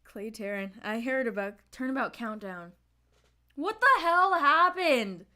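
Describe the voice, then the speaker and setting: Excitable young woman gaming streamer. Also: a little high, unhurried. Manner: excitable, exclamatory, laughs often. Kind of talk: let's play commentary.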